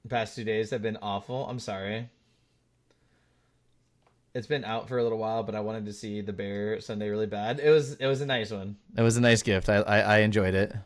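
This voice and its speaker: A man's voice: lowish voice, steady tone, brisk. A male game streamer chatting casually while playing, thanking viewers and teasing his friends. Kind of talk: casual live-stream chat while gaming.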